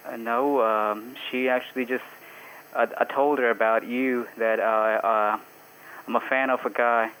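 Calling in to a radio show over the phone, a man from India speaks unhurriedly in a steady, mid-range, slightly bright voice. He's hesitant, laughs frequently and uses many fillers, and the rough recording carries slight background noise.

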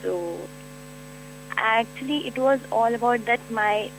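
A woman from Delhi phones in to a radio show. Her voice sits fairly high. She rambles earnestly over a faint hum. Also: takes it slowly, rough recording. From Delhi, India. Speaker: caller. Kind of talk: phone-in chat.

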